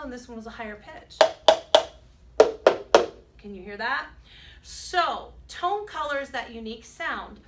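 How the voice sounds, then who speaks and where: A woman's voice: a little high, animated, a little slow, long pauses, heavy background noise. A middle-aged woman music teacher, chatty, explaining a rhythm game to students step by step. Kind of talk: recorded music lesson for students. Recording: echoey room, mic at a distance.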